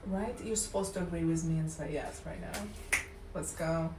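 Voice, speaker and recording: A woman's voice: deep voice, normal speed, background noise. Russian-accented woman teasing her stream chat. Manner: teasing, self-mocking, laughs often. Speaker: livestreamer. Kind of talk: casual livestream chat. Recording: roomy and distant mic.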